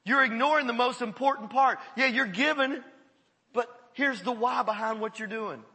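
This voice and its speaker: Man preaching, bright forceful voice, animated, echoey church hall. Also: very high-pitched, normal speed. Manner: animated, repeats words, calls on the congregation. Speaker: pastor. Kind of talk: sermon.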